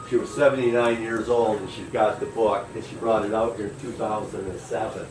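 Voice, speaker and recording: A man guiding a tour, telling a long story to a group in a folksy, animated way. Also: fairly low pitch, brisk, few pauses, background noise. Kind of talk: storytelling to a crowd. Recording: roomy distant recording with faint ambience.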